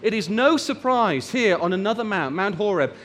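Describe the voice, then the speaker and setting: A man's voice: high voice, expressive, normal speed, a bit bright, big-room sound, slight background noise. A man preaching a sermon, rising and falling for emphasis and drawing out the key words. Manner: rises and falls for emphasis, draws out key words.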